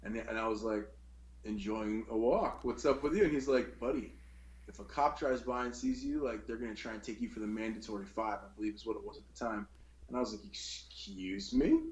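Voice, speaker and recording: A man's voice: lowish voice, steady tone, fast, reverberant. A man on a podcast telling laid-back stories, swearing and laughing often. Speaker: podcast guest. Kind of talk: casual chat, storytelling.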